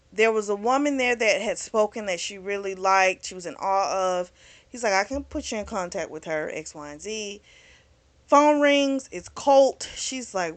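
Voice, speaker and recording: Female book vlogger, casual plot recap, informal slang, expressive asides, mid-pitched. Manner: chatty and expressive, quoting characters with outrage; informal slang, frequent "like" and "you know". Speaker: book reviewer.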